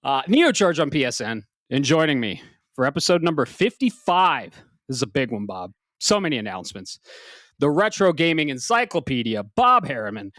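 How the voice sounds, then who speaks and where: Out-of-breath animated male podcast host. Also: mid-range voice, normal speed, dry recording, studio quality. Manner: swearing, animated, self-mocking. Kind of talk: casual podcast chat. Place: home office upstairs.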